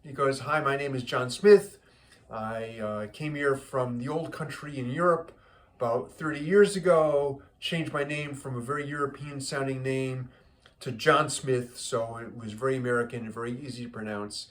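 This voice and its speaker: Brief: shrewd, humble shoe shine man, as a man puts him on, plain and halting. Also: mid-range voice, fairly even intonation, natural voice. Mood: modest. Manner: plain storytelling, halting repeats.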